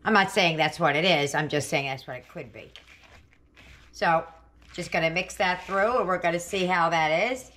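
Middle-aged woman host, home cooking vlog, chatty thinking-aloud delivery, lowish voice. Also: normal speed, sharp tone. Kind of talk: casual home cooking video. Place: home kitchen.

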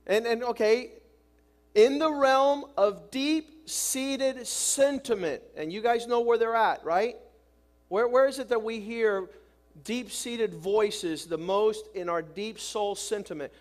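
A man's voice: extremely high pitch, slow. A man preaching a sermon as pastor, acting out quotes with drama and often repeating his words.

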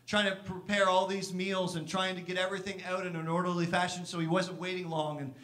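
A pastor preaches an earnest sermon in church, his voice fairly quick and a bit bright with little pitch movement. At times he acts out the complaints of the people he's describing, raising his pitch to voice Martha's grumbles.

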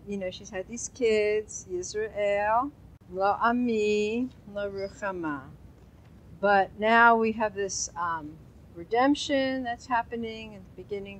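A woman's voice: medium pitch, slight background noise, low-quality recording. A woman teaching an informal Hebrew Bible lesson, chatty and quizzing her class. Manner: chatty, asks the class questions, loose asides.

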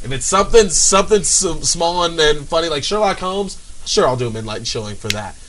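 A young man with a bright, forceful, slightly high voice ranting on a casual talk show. He is exasperated and profane, and slips into mocking imitations of other people. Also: expressive, brisk, a little hiss or hum, poor audio. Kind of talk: casual comedic rant.

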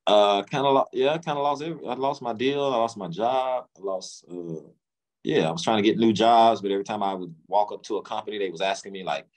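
Low-voiced man telling his story. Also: brisk, darkish tone, rough recording. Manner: casual, drawling, acts out past dialogue. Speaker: interview guest. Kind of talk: candid storytelling.

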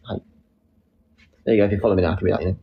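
A young man hosting a casual live stream, reading out comments with a playful, silly manner and sudden squeaky jokes. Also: rapid-fire, creaky, lo-fi sound. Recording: faint background noise.

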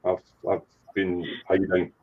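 A man's voice: low-pitched, completely flat delivery, takes it slowly. Male stream host, chatty and jokey, lo-fi audio. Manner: chatty, jokey, reads out chat messages. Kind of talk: casual live chat.

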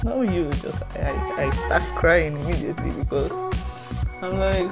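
A woman's voice: fairly low pitch, lively intonation, takes it slowly. A young adult woman tells her own story in a storytime vlog, candid and emotional, confiding straight to her viewers. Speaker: vlogger. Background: music.

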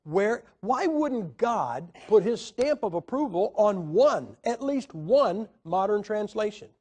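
Male preacher, high voice, combative teaching tone with lots of "uh" pauses. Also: sing-song, a little mellow, husky. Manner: argumentative, rhetorical questions, hesitant fillers. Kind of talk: Bible teaching lecture.

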